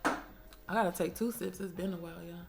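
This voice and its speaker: A young woman telling a casual storytime on her own mic, animated and slangy, swearing freely and laughing often. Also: lowish voice, normal speed, creaky, faint music behind. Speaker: storytime vlogger. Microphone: own microphone.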